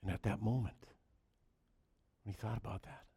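A man telling a Christmas Eve story as a preacher, in a soft, halting way that drops to a hush. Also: lowish voice, fairly even intonation, slightly rough.

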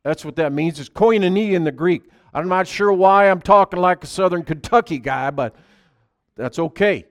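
A man preaching a conversational sermon, moving between loud, emphatic scripture reading and quiet asides to his congregation. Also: high-pitched, normal speed. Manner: chats with the congregation. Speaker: pastor.

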